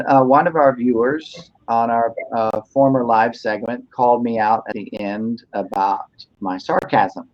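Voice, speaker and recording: A man leading a discussion, speaking slowly and deliberately, often breaking off and restarting. His voice sits in a middle register. The sound is muffled and low-fidelity. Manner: thoughtful, hesitant, many restarts. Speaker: host. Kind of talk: casual discussion.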